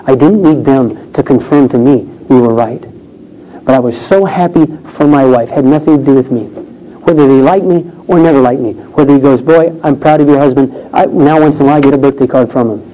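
A man's voice: mid-range voice, brisk. A middle-aged man telling a personal story in a sermon, acting out the people he quotes. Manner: animated storytelling, acts out quoted voices. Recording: dull lo-fi recording with faint noise.

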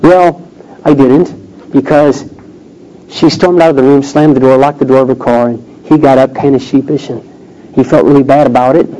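In a sermon, a middle-aged man tells a personal story with animated energy, acting out the voices of the people he quotes. His voice is mid-range at a moderate pace, captured on a dull lo-fi recording with faint noise.

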